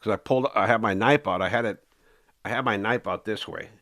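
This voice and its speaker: A man casually recounting his own story in an interview, rambling with fillers and restarts, animated when telling action. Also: lowish voice, a little fast.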